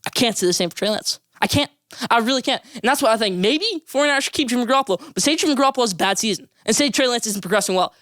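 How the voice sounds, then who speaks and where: A young man hosting a solo sports podcast, giving rapid, emphatic, opinionated takes and repeating names for emphasis. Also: very high voice, expressive, fairly bright tone, dry recording, studio quality.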